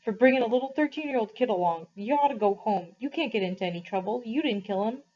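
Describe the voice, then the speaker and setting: A woman's voice: fairly high pitch, lively intonation, fast talker, a little mellow, pitched above the performer's own voice. Female reader doing a guilt-ridden teen boy; tremulous, earnest, storybook read-aloud, dull lo-fi sound. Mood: miserable, soothing. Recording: slightly muffled, dull recording.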